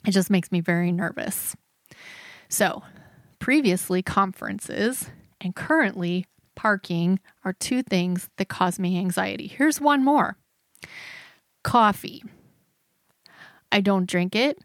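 A woman hosting a podcast, telling a personal story in an animated, self-deprecating way, talking closely into the mic. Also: medium pitch, slow, long pauses, dry recording, studio quality. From United States. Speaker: podcast host.

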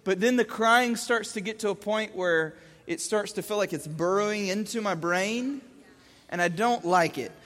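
A man in his thirties telling a comic story about his young son, animated and jumping between voices. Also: high voice, moderate pace. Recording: echoey hall.

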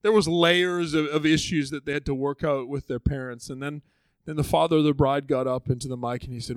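Dramatic preacher man, hushed to loud. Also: a little high, steady tone, fairly quick, dry recording. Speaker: pastor. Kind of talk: sermon.

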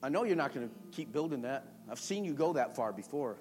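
Guy playing a grumbly annoyed wife, lower and quieter than his preaching voice, bit of music behind. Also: lively intonation, brisk, natural voice. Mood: skeptical. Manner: skeptical, grumbling. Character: fed-up wife doubting her husband.

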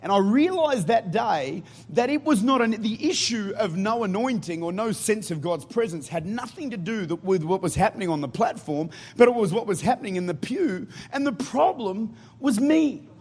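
Husky high-voiced preacher. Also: male voice, normal speed, hardly any pauses. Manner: energetic, rousing the congregation. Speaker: guest preacher. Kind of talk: sermon. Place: church.

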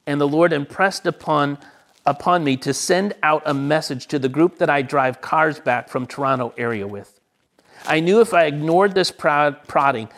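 A middle-aged male pastor giving a sermon, earnest, often dropping to a soft voice to repeat a phrase for emphasis. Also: fairly high pitch.

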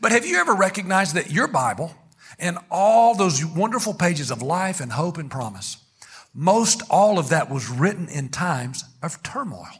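A man preaches to his church, his voice riding high and ringing bright. He talks animatedly and keeps calling on the people to say key words back with him. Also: moderate pace, slightly rough. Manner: animated, calls the congregation to repeat words. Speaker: pastor. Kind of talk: sermon.

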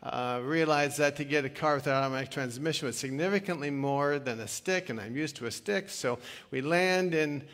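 An older man preaches a relaxed, story-driven sermon, his voice sitting a bit high for a man. He jokes at his own expense and leans on plenty of fillers. A long reverb trails his words through the church hall. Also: fairly quick. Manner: chatty storytelling with self-deprecating humor and many fillers. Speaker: retired pastor. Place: church sanctuary.

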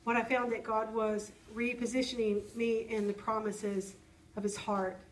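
A woman's voice: fairly high pitch, level tone, moderate pace, recorded from a distance, slight background noise, poor audio. A woman preaching a sermon in an earnest, personal way, acting out her own prayers as she speaks.

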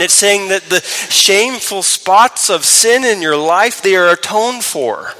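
In this expressive but low-quality recording, a man preaches as a pastor. He swings from emphatic, raised declarations to soft, low, tender moments, lingering on key words.

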